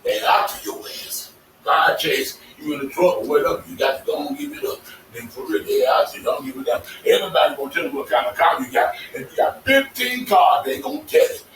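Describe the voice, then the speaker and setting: A man telling casual stories to his vlog audience, animated and laughing, cursing freely as he talks. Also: high-pitched, a little fast. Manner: animated, swearing, laughing storyteller. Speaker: vlogger. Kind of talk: casual storytelling monologue. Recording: echoey, distant mic with faint noise.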